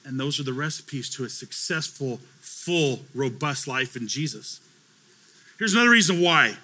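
A man's voice: mid-range voice, expressive, moderate pace, bright, forceful tone. A man preaching a conversational sermon to his church as pastor, telling stories with acted-out dialogue.

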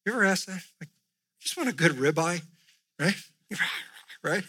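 A male pastor preaching, reading scripture aloud with rising emphasis and dropping to soft, quiet asides. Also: high-pitched, moderate pace, long pauses. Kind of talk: sermon.

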